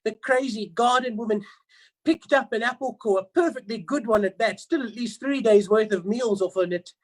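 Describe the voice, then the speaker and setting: A man's voice: sits high, normal speed, low-quality recording. A man on a video call playing a paranoid, suspicious male crow in an improvised comedy scene, telling the story dramatically. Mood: dramatic. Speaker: improv performer. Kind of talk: improvised first-person storytelling.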